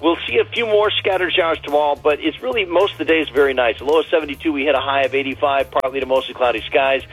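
A man's voice: on the high side, quick pace, hardly any pauses, fairly bright tone, breathy edge, faint music behind, rough recording. A man giving a friendly, easygoing weather report on a radio show. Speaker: meteorologist.

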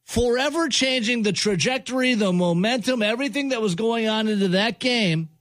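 A man's voice: sits high, normal speed, fairly bright tone, dry recording. A male sports talk host in an exasperated rant, hammering the same point over and over. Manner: exasperated, repeats points with emphasis.

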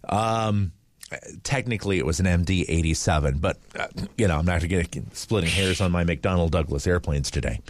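A man's voice: deep voice, a little fast, no room sound. A man hosting a casual morning radio show, rambling with fillers and restarts. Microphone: studio microphone.

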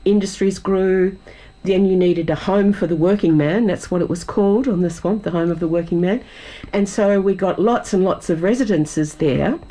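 Husky-voiced woman with a cold. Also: lowish voice, mellow, low-quality recording. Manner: storytelling, explanatory. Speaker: author guest. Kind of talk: radio interview.

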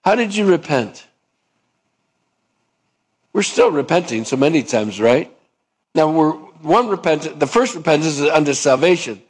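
A man's voice: a little high, expressive, measured pace, long pauses, breathy edge. A man preaching a sermon in a conversational way, asking his listeners questions and acting out little dialogues. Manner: conversational, asks the congregation questions; acts out dialogue to illustrate points. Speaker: pastor.

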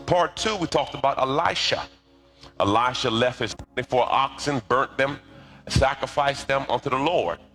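A middle-aged male pastor preaches a sermon in a medium-pitched voice at normal speed, with faint music behind him. He's an animated storyteller who calls for responses from the congregation.

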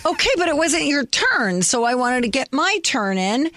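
A woman's voice: sits high, sing-song, normal speed, a bit bright, no room sound. A woman co-hosting a radio show, teasing her partner and competing in a guessing game. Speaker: radio co-host. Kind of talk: playful morning-show banter.

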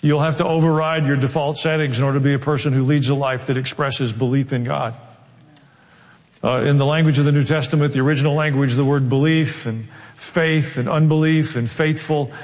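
A man's voice: a little high, fairly even intonation, brisk, darkish tone, big-room sound. A man with a Southern US accent, preaching a sermon as a pastor in an earnest, emphatic manner.

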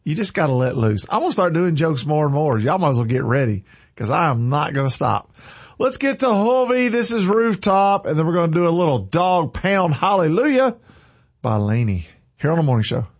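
A man's voice: fairly high pitch, very animated, a little fast, husky, highs cut off. A man hosting a Christian radio morning show, upbeat and preachy, reading the weather and laughing at his own jokes.

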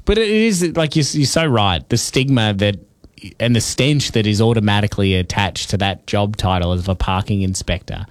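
A man's voice: fairly low pitch, lively intonation, moderate pace, no room sound. A man with an Australian accent hosting a radio show, casual and jokey, laughing often. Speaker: radio host. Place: radio studio.

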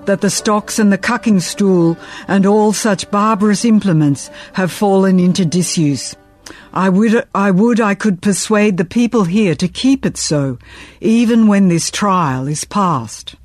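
Measured woman narrating a period novel. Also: medium pitch, darkish tone, faint music behind. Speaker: audiobook narrator. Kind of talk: scripted first-person narration.

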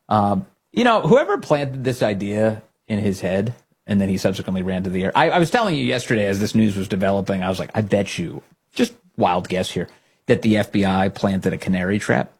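Husky-voiced sarcastic male commentator. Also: fairly low pitch, expressive, fairly quick, a little mellow. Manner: sarcastic, mocking. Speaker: political commentary host. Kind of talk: casual political commentary.

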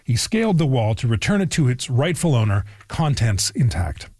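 A man's voice: medium pitch, sing-song, normal speed, darkish tone, breathy edge, no room sound, studio quality. A man reading a scripted radio introduction with wry storytelling. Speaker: radio host. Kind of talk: scripted narration.

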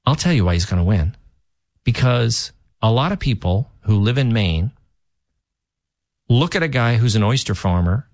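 A man's voice: medium pitch, dry recording, clean studio sound. A man filling in as a talk radio host, giving opinionated political commentary with emphatic, restarting delivery.

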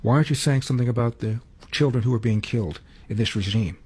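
A man anchoring the news, giving brisk, pointed lead-ins. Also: mid-range voice, dark tone, breathy edge. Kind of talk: news introduction.

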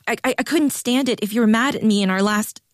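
A woman reading the part of a soft-spoken, apologetic woman who speaks hesitantly and pleads. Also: on the high side, quick pace, dry recording, studio quality, voice pushed up, natural voice. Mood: pleading.

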